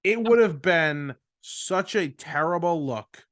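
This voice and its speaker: A man co-hosting a casual sports talk podcast, laying out his points in a measured way. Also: on the high side, expressive, a bit bright, no echo, studio quality.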